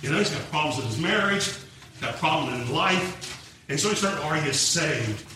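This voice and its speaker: A man preaching a sermon in a church, emphatic and rising to shouts as he draws in the congregation. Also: fairly high pitch, animated, fairly quick. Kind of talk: sermon with live demonstration. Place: church sanctuary. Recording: echoey church from a distant mic, faint noise.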